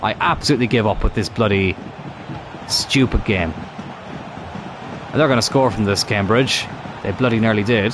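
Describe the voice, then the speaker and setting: A man's voice: on the low side, normal speed, pauses often, noisy background. A man casually commenting on a football management game, often grumbling and swearing at it. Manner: frustrated, muttering, swears at the game. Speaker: gaming YouTuber.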